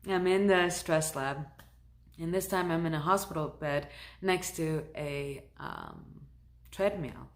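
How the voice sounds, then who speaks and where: A woman who works as a shaman, recounting a personal story in a conversational, animated way. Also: low-pitched, takes it slowly, creaky.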